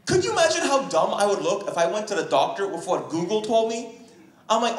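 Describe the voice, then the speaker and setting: A man performing stand-up in a club, his voice sitting high and leaping all over the place as he acts out characters. The room rings with echo around his microphone. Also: normal speed. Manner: animated, acts out characters with wild pitch jumps and high squeals. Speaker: stand-up comedian. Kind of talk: stand-up comedy set. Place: comedy club stage, live audience laughing.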